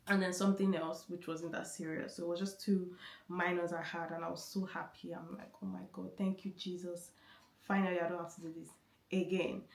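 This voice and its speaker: A woman vlogger telling a story in casual chat, with many restarts and repeated words. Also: fairly low pitch. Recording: roomy echo.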